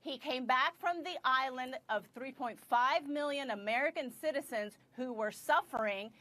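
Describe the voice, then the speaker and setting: A woman's voice: high-pitched, normal speed, a bit bright. A woman from Puerto Rico arguing on a cable news panel, passionate and firm. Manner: passionate, firm, pushes back. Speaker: panel commentator.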